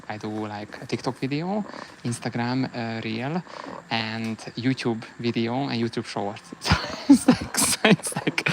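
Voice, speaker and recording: A man's voice: medium pitch, creaky. A man in his thirties, a hairdresser, chatting in a bubbly, rambling way and laughing often. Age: 30s. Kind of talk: casual chat. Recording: noisy background.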